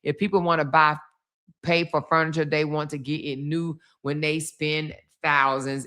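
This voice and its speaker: A woman hosting a casual livestream, with a fairly low but bright, forceful voice. She talks bluntly and profanely and mocks freely. She hammers a point home by saying the same word again and again. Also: normal speed. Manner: repeats words for emphasis. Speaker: livestream commentary host.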